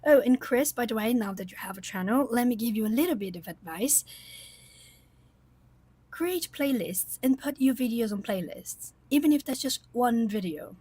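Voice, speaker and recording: A woman host chatting casually with her viewers on a livestream, rambling warmly with many fillers and little laughs. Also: a little high, lively intonation, moderate pace, breathy edge, no room sound. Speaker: coloring channel host.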